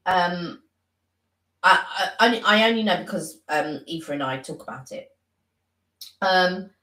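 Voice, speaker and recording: A woman's voice: medium pitch, sharp tone. Earnest rambling woman co-host, echoey room. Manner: earnest, rambling, many restarts and fillers. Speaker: co-host of a live stream. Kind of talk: casual live-stream chat.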